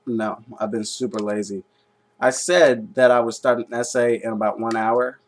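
A man's voice: medium pitch, fairly even intonation, moderate pace, a little hiss or hum. A young man rambling and joking in a casual vlog. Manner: goofy, joking, rambling asides. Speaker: vlogger.

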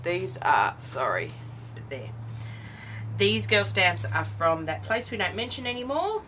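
Aussie lady showing her crafts, kinda tired, rambly, lowish voice, faint noise behind. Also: big pitch swings, a little slow, fairly bright tone, far from the mic, poor audio. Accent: Australian. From Australia. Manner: chatty, rambling, self-interrupting. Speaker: craft channel host. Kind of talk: casual show-and-tell craft video.

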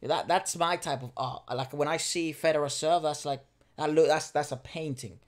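A man's voice: fairly high pitch, fairly even intonation, normal speed. A man co-hosting a music reaction video, talking in a loose, casual way with plenty of restarts and the odd swear word. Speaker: co-host of a music reaction channel.

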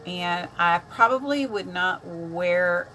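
A woman's voice: lowish voice, takes it slowly, bright, forceful tone, slight background noise. An older woman chatting casually on a makeup live stream, greeting viewers by name as she works.

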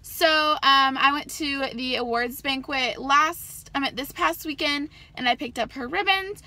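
A woman's voice: sits high, measured pace, bright, forceful tone. A woman vlogger chatting casually and talking sweetly to her horse out in a paddock. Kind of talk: casual vlog chat.

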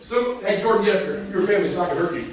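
A man's voice: sits high, lively intonation, very fast, slight background noise. A man preaching a sermon as pastor in an impassioned preacher's cadence, speaking straight to his congregation. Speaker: senior lead pastor. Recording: echoey room from far off.

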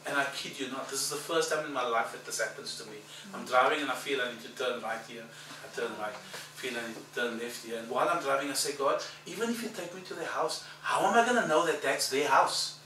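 A man preaching a storytelling sermon, acting out each exchange in his story. His voice carries through a roomy, echoing hall, picked up from some distance with steady background noise. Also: mid-range voice, fast talker, hardly any pauses. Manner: animated storyteller, acts out dialogue, laughs at own story. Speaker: pastor. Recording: echoey hall, mic at a distance, background ambience.

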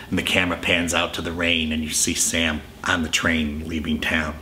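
A man's voice: extremely low pitch, level tone, normal speed, hardly any pauses, bright, forceful tone, a little hiss or hum. A man reviewing a classic film in a casual way, retelling the plot as a chatty storyteller who acts out the scenes.

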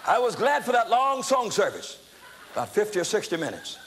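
An older man preaching a testimony sermon, telling his story in an animated, dramatic way that breaks into loud exclamations. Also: high-pitched, brisk. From United States. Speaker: evangelist preacher. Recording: echoey hall, faint background noise.

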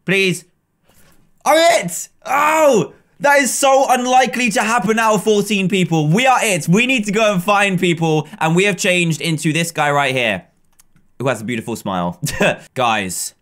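A young English man in his twenties giving excitable, playful gameplay commentary, chatting and often breaking into yelling. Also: sits high, normal speed. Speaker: gaming YouTuber.

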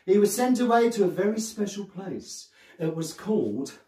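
Animated New man telling a children's story. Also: sits high, normal speed. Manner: playful, animated, talks to children. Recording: roomy sound from a distant mic.

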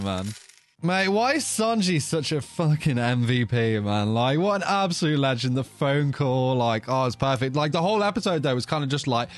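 Young male reaction host; loud, sweary, easily hyped; very lively pitch, soft soundtrack underneath. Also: normal speed, faint music behind. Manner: excitable, swears freely, shouts when hyped. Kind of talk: anime reaction commentary. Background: faint anime soundtrack.

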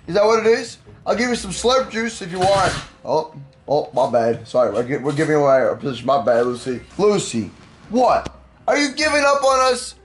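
A young man hosting a gaming channel, loud and playful, teasing and yelling at his puppy during gameplay commentary. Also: high-pitched.

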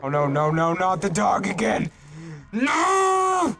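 A man hosting a comedic horror game let's play, joking and yelling in a frantic way. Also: fairly high pitch, normal speed, gravelly. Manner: frantic screaming and joking voices. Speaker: gaming video host.

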